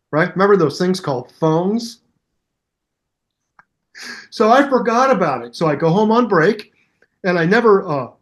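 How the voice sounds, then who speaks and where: A man in his seventies, a musician guest in an interview, telling anecdotes in a hyper, animated way and acting out the voices of people in his stories. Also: fairly high pitch. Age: 70s. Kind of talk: storytelling interview.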